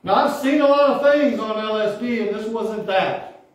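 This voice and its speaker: A high-voiced older man in his sixties preaching a heartfelt testimony, his words rising and falling with fervor as he calls out to the congregation. He sounds far from the microphone, with a big echoing hall around him and a faint hiss behind. His delivery is emotional, intense storytelling from the pulpit. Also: normal speed. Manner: fervent, emotional storytelling with call-and-response. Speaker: pastor. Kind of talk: testimony sermon.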